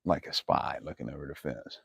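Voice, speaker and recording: A man's voice: extremely low pitch, brisk, creaky, slight background noise. A man hosting a casual livestream from his yard, rambling and swearing, laughing often. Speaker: livestream host. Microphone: phone camera.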